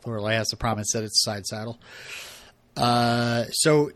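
A man's voice: mid-range voice, normal speed, fairly bright tone, dry recording. A man casually recapping a TV episode as a podcast co-host, chatty and full of laughs and fillers.

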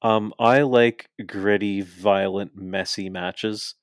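A man co-hosting a podcast, excitedly recapping wrestling in casual, profane chat and laughing as he goes. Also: fairly low pitch, slow, no room sound, studio quality. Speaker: podcast co-host.

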